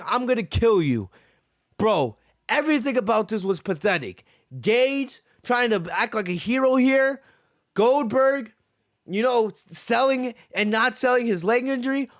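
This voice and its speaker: In a high voice, this podcast host delivers an angry, foul-mouthed wrestling review that keeps circling back to the same points. The recording is dry with clean studio sound.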